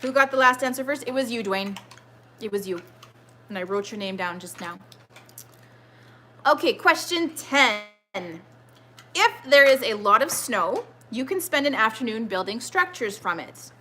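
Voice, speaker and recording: A woman's voice: a little high, animated, moderate pace, sharp tone, a little hiss or hum. A woman in her thirties hosting a casual trivia live stream from home, chatty and rambling as she answers viewer comments. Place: home with children nearby.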